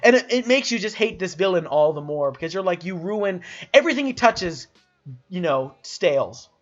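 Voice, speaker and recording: High-voiced young man, dull lo-fi sound. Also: moderate pace. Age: young adult. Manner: animated, exclamatory. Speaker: podcast co-host. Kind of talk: casual chat.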